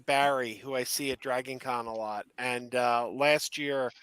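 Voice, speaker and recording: A man telling casual anecdotes in a group chat, animated and full of stories. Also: medium pitch, unhurried, clean tone, no room sound.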